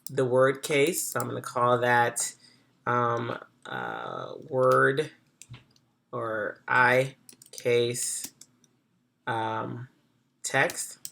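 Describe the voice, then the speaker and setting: A design instructor talking through a software tutorial in a casual, chatty way, thinking aloud and correcting themself as they go. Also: medium pitch, gravelly.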